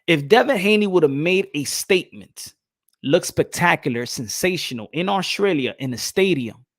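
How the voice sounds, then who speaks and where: Animated, high-pitched ranting man. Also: moderate pace. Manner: animated, profane, repeats himself, mocks with put-on voices. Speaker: boxing commentary host. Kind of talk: casual ranting commentary.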